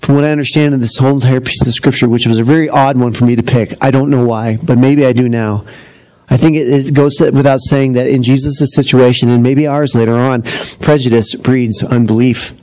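A middle-aged man preaching a sermon as pastor, in a conversational, animated storytelling manner. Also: medium pitch, brisk, low-quality recording.

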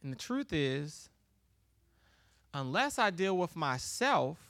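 A man preaching a sermon in a relaxed, conversational way, laughing often and acting out little quoted exchanges. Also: on the high side, slow pace, no room sound. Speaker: pastor.

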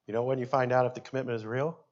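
Man pastor, sermon, animated and jokey, muffled lo-fi recording. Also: mid-range voice, rapid-fire. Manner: animated, jokey, shouts in acted quotes.

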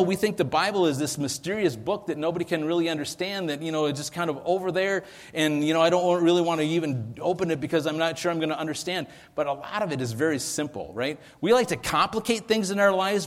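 A pastor preaching a conversational sermon, asking his listeners questions. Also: fairly high pitch. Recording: long hall reverb.

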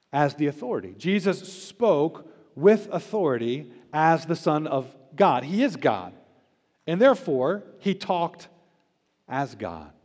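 Male pastor preaching in a church, higher-pitched voice, long echo hanging off every line. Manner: emphatic preaching, swinging between loud stresses and quiet drops. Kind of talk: sermon. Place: church sanctuary.

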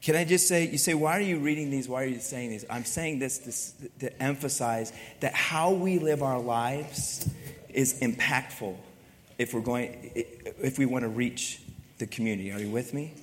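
A man's voice: medium pitch, normal speed, long reverb tail, slight background noise. A male pastor preaching a sermon in a conversational way, often asking his listeners rhetorical questions.

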